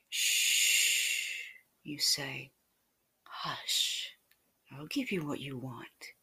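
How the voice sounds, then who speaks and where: A woman giving a whispered erotic narration in a hushed, intimate way. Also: low voice. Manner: breathy, hushed, slow and intimate. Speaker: erotic audio story narrator.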